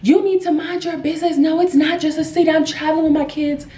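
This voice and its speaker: A woman voicing a furious mother, flying with her kids, who yells and picks a fight. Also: sits high, steady tone, brisk, echoey room, distant mic, a little hiss or hum, voice pushed up, lightly acted. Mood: outraged. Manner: yelling, combative.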